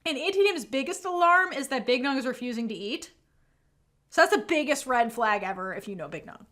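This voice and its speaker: A woman's voice: sits high, expressive, fairly quick, fairly bright tone. A woman co-hosting a casual recap podcast, telling the story with lots of "like" and casual swearing, and acting out the characters' lines. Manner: swears casually, says "like" a lot. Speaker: podcast co-host.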